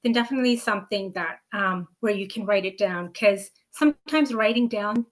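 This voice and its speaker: A woman's voice: mid-range voice, normal speed. Earnest woman doula, frequent ums. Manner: earnest, filler-heavy, many ums and restarts. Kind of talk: educational talk to camera.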